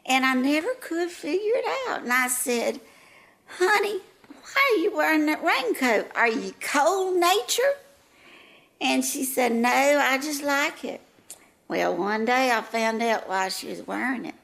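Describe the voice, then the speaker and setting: A woman acts out an elderly schoolteacher, long retired, who rambles through folksy stories in a high, gravelly voice. She takes her time with every word, drawling along at an unhurried pace. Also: big pitch swings, a bit bright, heavily acted. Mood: rambling reminiscing. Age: older. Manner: rambling, folksy, gossipy storytelling. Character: elderly female retired first-grade teacher, frazzled and rambling.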